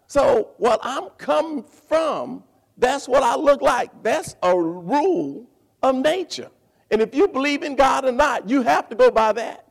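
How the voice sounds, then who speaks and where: A male pastor preaching a sermon, animated, repeating words and calling for responses from the congregation. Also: very high-pitched, unhurried, gravelly.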